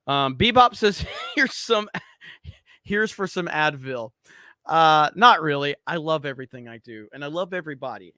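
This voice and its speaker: A man's voice: fairly high pitch, bright, forceful tone, dry recording. A man hosting a livestream, ranting with heavy profanity and reading chat comments aloud. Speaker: streamer host.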